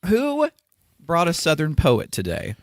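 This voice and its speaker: A man hosting a podcast in casual chat, excitable and playful, laughing often, on a close studio mic. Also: fairly high pitch, measured pace, no echo. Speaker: podcast host.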